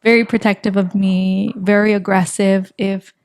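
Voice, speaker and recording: A young woman in her twenties co-hosting a podcast, telling stories in a rambling, warm, casual way with many fillers. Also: mid-range voice, flat delivery, moderate pace, clear, resonant tone, no echo, clean studio sound. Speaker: podcast co-host.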